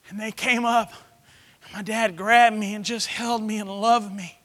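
A middle-aged man, preaching a sermon through a personal story, swinging from hushed to loud. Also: sits high, steady tone, unhurried, in a large hall.

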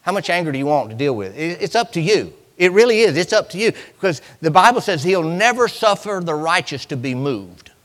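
A man preaching a sermon in a church, swinging from loud cries to hushed lines. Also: on the high side, very animated, brisk, hardly any pauses, big-room sound.

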